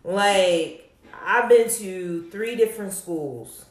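A young woman talking casually and bluntly, swearing freely and telling stories with animated emphasis. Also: mid-range voice, slow, reverberant. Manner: blunt, profane, animated storytelling. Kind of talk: casual candid chat.

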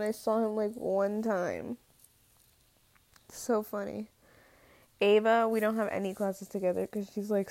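A woman's voice: mid-range voice, darkish tone, no echo. A teenage girl talking casually to the camera, slangy and full of "like", drawling and exasperated. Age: teens. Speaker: student vlogger.

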